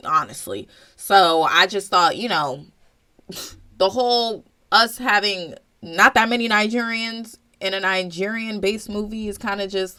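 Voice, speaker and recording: A young woman with an American accent and a bright, forceful voice rants bluntly to camera. She stays animated, drops casual swear words and hosts her own commentary show. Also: low-pitched. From United States. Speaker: show host. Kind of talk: opinionated commentary monologue.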